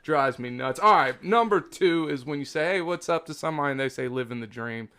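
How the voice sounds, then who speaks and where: A man's voice: fairly high pitch, expressive, fairly quick, bright, forceful tone, clear, resonant tone. A man hosting a casual podcast, ranting about pet peeves with lots of swearing and emphatic asides to the audience. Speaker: podcast host.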